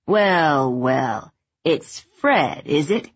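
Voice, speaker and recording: A woman voicing a wheedling, drunken middle-aged man who mocks and begs, in a husky voice on a dull lo-fi recording. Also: deep voice, lively intonation, very slow, voice pushed down, full character voice. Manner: wheedling, mocking.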